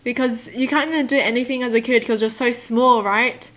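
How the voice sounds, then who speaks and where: A young woman reads out stories and reacts to them in animated casual chat, laughing often. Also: on the high side, brisk. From Australia. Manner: animated, laughs often, slips into mock voices. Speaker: YouTuber reading and reacting to stories.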